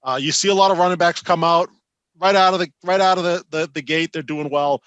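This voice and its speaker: A man's voice: a little high, steady tone, a little fast, a bit bright, smooth, no room sound, dull audio. A man co-hosting a podcast, talking fantasy football in a loose, rambling way. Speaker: podcast co-host. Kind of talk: casual sports chat.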